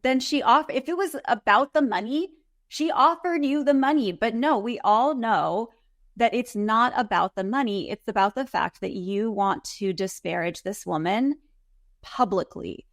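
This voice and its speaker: A woman's voice: fairly high pitch, normal speed, no room sound, clean studio sound. Exasperated woman retelling drama. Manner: exasperated, acts out quotes. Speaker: podcast co-host. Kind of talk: casual recap chat.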